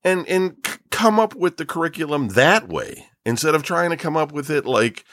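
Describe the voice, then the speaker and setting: A man's voice: a little high, normal speed, dry recording, studio quality. A middle-aged man co-hosting a podcast, ranting in casual chat with lots of fillers. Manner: ranting, animated, filler-heavy. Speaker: podcast co-host.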